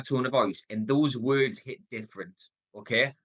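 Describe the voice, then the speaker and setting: A man in his thirties with a Geordie accent, giving a motivational sales coaching talk, stressing words, pausing on purpose and shifting his pace. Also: medium pitch, a bit bright. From North East England. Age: 30s. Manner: varies tone and pace, deliberate pauses, emphatic.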